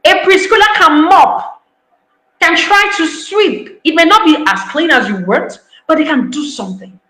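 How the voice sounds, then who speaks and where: A woman's voice: high voice, expressive, moderate pace, fairly bright tone, echoey room, poor audio. A woman giving an online parenting talk, emphatic, repeating key lines and acting out parents' voices. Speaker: parenting speaker.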